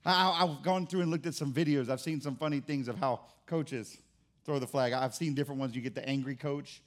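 A man's voice: medium pitch, a little fast. A man pastor preaching a sermon, emphatic and jokey, with rising exclamations.

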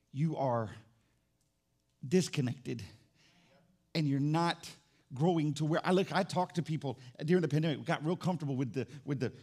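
A male pastor preaching a sermon in a church, impassioned, swinging from low and intimate to loud and fervent. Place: church sanctuary.

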